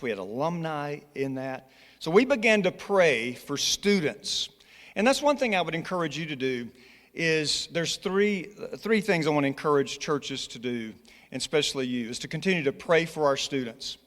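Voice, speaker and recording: A man with a Scottish accent, a college's church relations director, earnestly urging a congregation and telling personal stories with frequent restarts. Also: fairly high pitch. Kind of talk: church presentation with personal story. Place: church sanctuary. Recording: long reverb in a large church hall.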